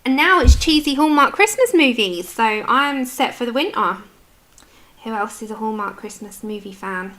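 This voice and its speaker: Bright chatty British woman colouring. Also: a little high, gravelly. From United Kingdom. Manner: chatty, reads and answers viewer comments. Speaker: colouring livestream host. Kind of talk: casual chat while colouring.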